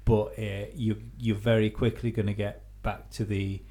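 A man's voice: on the low side, little pitch movement, normal speed, warm tone. A man co-hosting a casual chat, making blunt, dry jokes. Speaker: podcast co-host.

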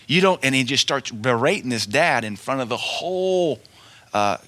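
A man's voice: medium pitch, animated, moderate pace, bright, forceful tone. A man preaching a sermon in an emphatic, folksy way, repeating his key lines and telling stories.

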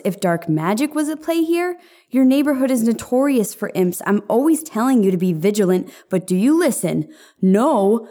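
A man's voice: very high voice, warm tone, voice pushed up, exaggerated voice. A man reading a story and voicing a sarcastic young woman who is a witch, teasing her friend. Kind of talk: audiobook narration.

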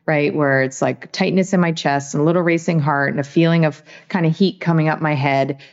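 A woman with a deep, steady voice talks a little fast as an author and guest in a casual interview. She's earnest and reflective, using lots of "you know"s and "right"s. The recording sounds muffled.

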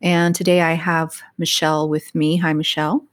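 A woman with a fairly low voice hosts a podcast. She speaks casually and hesitantly, pausing often between thoughts. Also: flat delivery. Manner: hesitant, with many fillers. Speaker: podcast host.

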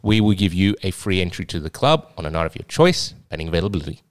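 A man co-hosting a podcast, relaxed and a little halting, often tripping over his words. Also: low voice. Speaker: podcast co-host. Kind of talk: casual chat.

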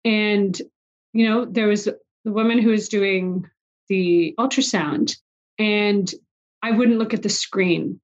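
A woman's voice: medium pitch, fairly even intonation, takes it slowly. A woman hosting a casual conversation, telling personal stories in a heartfelt way. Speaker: host. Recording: slightly dull lo-fi audio.

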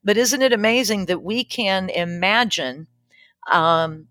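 A woman's voice: medium pitch, a little slow, fairly bright tone, no room sound, clean studio sound. A woman pastor and podcast guest, speaking in an emphatic, reflective way and laughing easily. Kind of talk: casual conversational interview.

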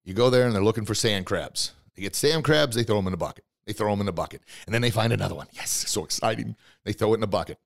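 A man hosting a podcast, giving a motivational talk with emphatic storytelling and acted-out quotes, swinging between loud bursts and quiet asides. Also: on the low side, fast talker, vocal fry, hardly any pauses. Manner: storytelling, emphatic and preachy, acts out quoted characters. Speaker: podcast host and motivational speaker.

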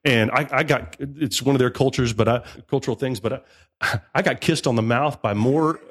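A man's voice: mid-range voice, normal speed. A man, a missionary preacher, telling his story in a conversational interview, with emphatic repetition and frequent restarts.

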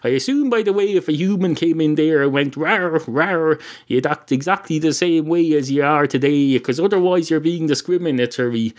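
A man from Ireland with an Irish accent, a podcast host telling an improvised comic story in a rambling, deadpan way with frequent hesitations. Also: on the high side, fairly quick, few pauses.

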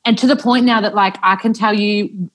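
A woman's voice: medium pitch, steady tone, moderate pace. A woman in her thirties with an Australian accent, a podcast guest telling stories in casual chat, acting out what others said and using lots of "like". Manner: chatty storyteller, acts out quotes, many "like" fillers.

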